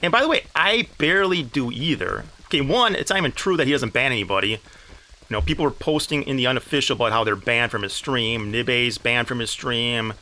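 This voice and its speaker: This is a man from the United States livestreaming a game in a medium-pitched, sharp voice that moves fairly quickly. His casual, rambling talk keeps restarting and tossing in "right?" asides, all with a note of exasperation.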